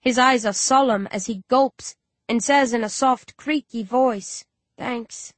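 A woman reads a first-person story aloud, her voice sitting a little high. She changes it slightly for each character. The recording is dry and close, with no room sound. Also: unhurried, dry recording. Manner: voices each character with small pitch shifts. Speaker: audiobook narrator. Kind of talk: first-person audiobook narration.

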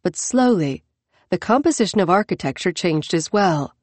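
A woman narrating an audiobook in a measured, even storytelling manner. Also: lowish voice, no echo. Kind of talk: scripted narration.

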